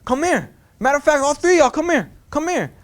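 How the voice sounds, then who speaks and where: A threatening fortune-teller woman calls out and curses a stranger, with a man doing her voice. She sounds high-pitched and mocking. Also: very animated, a little fast. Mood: menacing. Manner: taunting, threatening. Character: menacing fortune-telling woman in a park.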